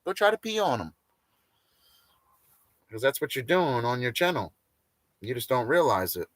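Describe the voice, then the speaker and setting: A man's voice: mid-range voice, big pitch swings, moderate pace, dry recording, clean studio sound. A man hosting a livestream, rambling and joking crudely and often laughing at his own lines. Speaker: livestream host. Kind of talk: casual livestream rant.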